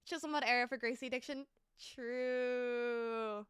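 A young woman streaming a building game, chatting casually and bubbly, thanking viewers with excited exclamations. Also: sits high, a little fast, clean tone, dry recording, clean studio sound.

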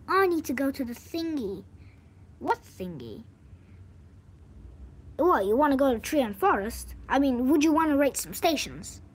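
Brief: high-voiced woman, unhurried and silly, doing playful character voices. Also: a little hiss or hum. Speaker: channel host voicing toy characters. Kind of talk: playful make-believe rating chat.

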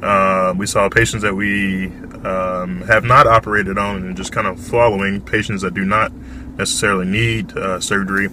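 A low-pitched man in his thirties talks through his working day in a vlog. His voice is bright and forceful, and he stops to explain each term in simple words. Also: level tone, moderate pace, slight background noise. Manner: plain explanatory, defines terms as he goes. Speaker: resident surgeon. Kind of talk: casual vlog narration.

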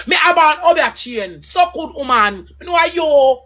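A woman's voice: high voice, expressive, normal speed, few pauses. A woman with a Jamaican accent ranting angrily on a livestream, cursing and swooping up and down as she talks. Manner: angry, cursing, loud and swooping. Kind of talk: heated livestream rant.

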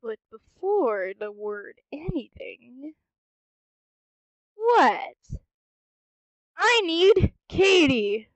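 A woman voicing an obsessive, grandiose villain pony who swings between hushed whispers and shouts in an amateur fan audio drama. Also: high voice, big pitch swings, very slow, pauses often, dry recording, highs cut off, heavily acted. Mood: scheming.

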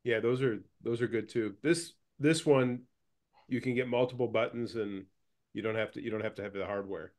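A man on a casual panel chats about the tech he uses, his voice at an ordinary middle pitch. He jokes around and lets his sentences fade off into quiet asides. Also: moderate pace. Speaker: panel guest.

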